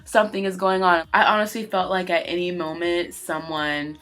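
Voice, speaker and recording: A young woman talks through a storytime vlog in a loose, casual way. She is animated, slips into the voices of the people she quotes, and swears freely. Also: on the low side, normal speed, faint music behind. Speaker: vlogger.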